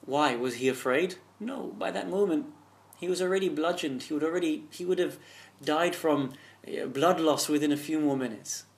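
A man's voice: fairly high pitch, normal speed, vocal fry. A man giving an earnest, impassioned religious talk, telling a story and asking rhetorical questions. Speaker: religious speaker.

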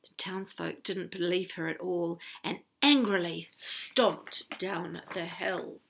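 A woman reading a children's story aloud, expressive, with chatty asides to her listeners. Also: lowish voice, slow pace, vocal fry, slightly rough.

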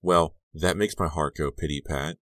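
A man's voice: a bass voice, steady tone, moderate pace, a bit bright, dry recording, clean studio sound. A man doing a snappish, hostile teenage girl. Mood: angry. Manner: snappish, sarcastic. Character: angry teenage girl, sharp-tongued and hostile.

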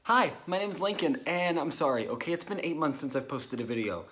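A man's voice: fairly high pitch, expressive, fairly quick, a bit bright, slight background noise. A young man vlogging to camera in a nervous, overdramatic, rambling way. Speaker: YouTuber. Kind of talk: casual vlog to camera.

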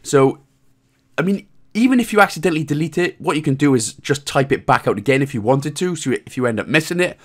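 Lively Welsh man guiding gameplay. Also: on the high side, quick pace. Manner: irreverent, joking, mild swearing; reassuring, repeats instructions. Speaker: game walkthrough host. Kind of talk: casual commentary over gameplay.

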